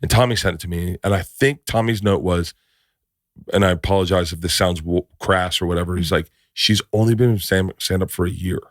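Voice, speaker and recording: A man's voice: sits low, brisk, dry recording, clean studio sound. A man hosting a podcast in a casual interview, stumbling and repeating words as he talks.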